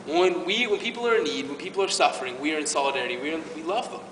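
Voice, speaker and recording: A man's voice: fairly high pitch, animated, very fast, fairly bright tone, far from the mic, slight background noise. Earnest man speaking in an echoey hall. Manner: earnest and emotional, with frequent restarts. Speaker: parish youth ministry speaker. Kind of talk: informal faith talk to a youth group.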